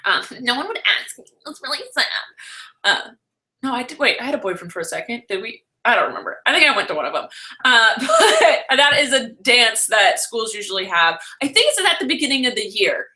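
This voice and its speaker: A young woman chats casually on a live stream, answering viewers in a rambling way full of "like". Her voice sits a little high and sounds bright and forward. She keeps talking loosely and corrects herself mid-sentence. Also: big pitch swings. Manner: chatty and rambling, heavy use of "like", quick self-corrections. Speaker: vlogger hosting a live stream.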